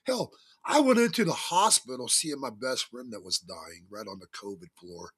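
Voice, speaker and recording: A man with a husky, slightly rough voice speaks as a talk-show guest. His pitch swings a lot as he tells stories in a folksy, emphatic way, with frequent religious turns of phrase. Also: animated, normal speed. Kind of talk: casual talk-show interview.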